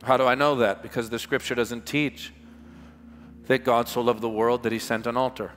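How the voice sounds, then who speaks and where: A man preaching a revival sermon as pastor, impassioned and emphatic, stretching key words slowly for weight, recorded live in a large church. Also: medium pitch, little pitch movement, a bit bright. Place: large church hall with music behind. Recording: live church hall reverb.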